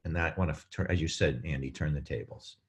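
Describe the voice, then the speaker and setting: A man speaking as a guest on a podcast, explaining in an animated way and acting out quotes. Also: rumbling low, quick pace. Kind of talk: casual podcast chat.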